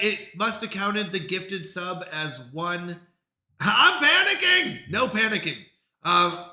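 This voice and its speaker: A man's voice: high voice, sharp tone, reverberant. A man live-streaming in casual chat, flustered and apologetic as he talks himself through technical trouble.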